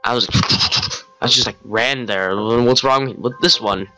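A man's voice: medium pitch, slow, bright, forceful tone, soft background music. A young man giving sarcastic let's play commentary on a horror game. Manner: wry, sarcastic narration of the action. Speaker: gamer playing a horror game.

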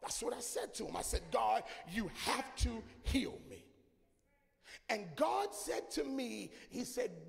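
A man preaching a sermon, moving between shouted sing-song delivery and quieter storytelling. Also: high voice, big pitch swings, slow, creaky. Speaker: church elder preaching. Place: church sanctuary. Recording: live church sound with long reverb and faint music.

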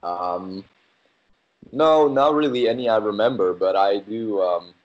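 A man with a very low, deep voice, heard through a dull, lo-fi mic. He speaks hesitantly on a casual podcast and often pauses to gather his thoughts. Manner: hesitant, thoughtful, filler-heavy. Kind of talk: casual chat.

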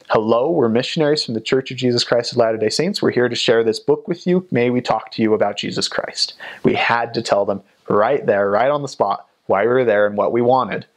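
A young man and former missionary in casual interview talk, chatty, with frequent ums and restarts. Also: mid-range voice.

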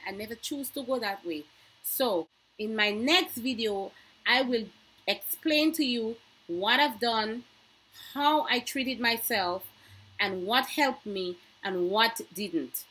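A middle-aged woman speaks in a fairly high, slightly husky voice. She talks earnestly to camera in a personal vlog and hammers her warnings home with repetition. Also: bright, forceful tone, poor audio. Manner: earnest, emphatic, repeats warnings. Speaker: vlogger.

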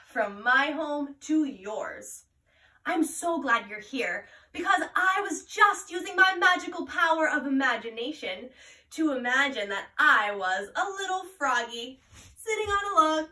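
Woman children's teacher, high lively voice, slow and coaxing, echoey home room heard from a distance. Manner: gentle, playful, slow and encouraging. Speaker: children's yoga and music teacher. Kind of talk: kids' mindfulness lesson with singing. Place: at home, roomy indoor space.

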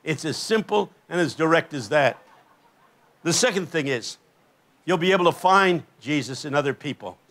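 A man's voice: a little high, a bit bright. An older man preaching a sermon on a festival stage, telling stories with impassioned emphasis. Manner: impassioned storytelling, rising to emphatic peaks.

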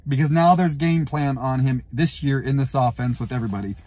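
A man giving an angry, profane fan rant to camera, breaking into shouted outbursts. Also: medium pitch, steady tone, brisk. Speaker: YouTuber and football fan.

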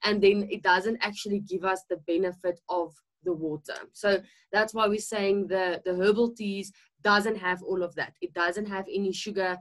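A woman's voice: mid-range voice, steady tone, normal speed. South African woman, webinar presenter, chatty explainer, video call audio. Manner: chatty, with tag questions and fillers. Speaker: nutritionist co-hosting a webinar.

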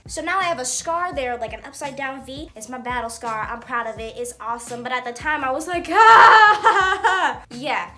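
A young woman vlogger telling a personal story in a dramatic, animated way, acting out the voices in it. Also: high-pitched. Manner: dramatic, acts out voices, loud outbursts.

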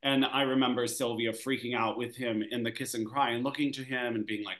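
A man co-hosting a podcast, talking in an animated way and acting out the voices he quotes. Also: mid-range voice, fast, hardly any pauses, reverberant. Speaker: podcast co-host, former skater. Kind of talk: podcast discussion.

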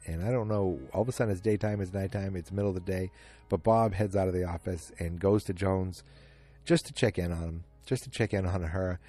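Low, husky man rambling through a recap. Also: a little mellow. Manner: rambling, retells scenes with quoted lines, many ums. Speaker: podcast host recapping a TV episode. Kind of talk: casual solo recap.

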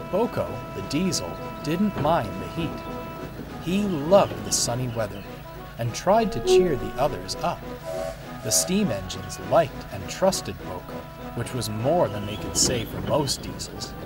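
A man narrates a children's story slowly, with a lively, rising and falling voice. Music plays clearly behind him. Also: mid-range voice. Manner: expressive, unhurried. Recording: background music.

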